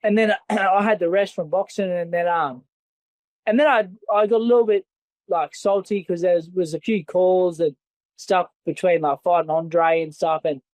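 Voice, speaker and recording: A man's voice: high voice, fairly even intonation, moderate pace, no echo, low-quality recording. An Australian man, a former fighter, telling stories in an interview in a blunt, rambling and heavily profane way. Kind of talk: casual interview storytelling.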